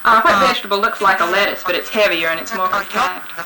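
A woman interviewer asking questions one by one in a measured, patient way. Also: medium pitch, a loud crowd, poor audio. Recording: hissy old tape recording.

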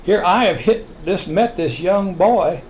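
A man's voice: high-pitched, expressive, a little slow, slight background noise, low-quality recording. An older man recounting his family history in a rambling, chuckling way, with many restarts. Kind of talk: oral history storytelling.

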